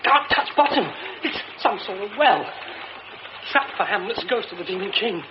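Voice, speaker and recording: An excitable young playwright in an old radio drama. He talks to himself in bursts of exclamation, his voice high and swinging widely. The recording is dull and carries a clear hiss. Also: normal speed. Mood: panicked.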